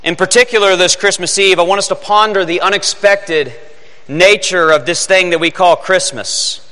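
A pastor delivers a Christmas Eve sermon in a church sanctuary, his high, bright voice forceful at a normal pace. He speaks earnestly, building toward emphatic peaks, and the sanctuary's echoing reverb carries through the recording.

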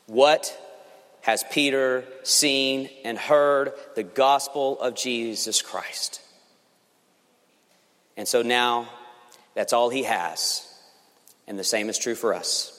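A man preaching a sermon as pastor, emphatic and swinging between loud passages and hushed ones. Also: mid-range voice, fairly even intonation, takes it slowly, long pauses, long reverb tail.

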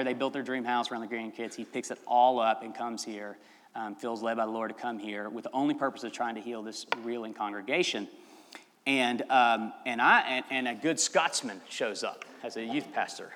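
Guy preaching a sermon, rambly and chatty, bright sharp voice, big church echo. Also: medium pitch, steady tone, fairly quick. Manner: chatty, rambling, self-amused. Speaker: pastor. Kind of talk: sermon storytelling.

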